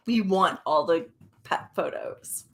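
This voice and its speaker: A woman's voice: fairly low pitch, slow, a bit bright. A woman chatting casually with co-hosts and making wry, joking asides. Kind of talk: casual chat.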